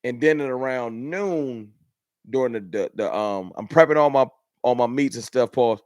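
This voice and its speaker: A man's voice: mid-range voice, normal speed, a little mellow, no echo, clean studio sound. A man hosting a casual livestream, chatting in a laid-back way and reading out and answering viewer comments. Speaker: livestream host.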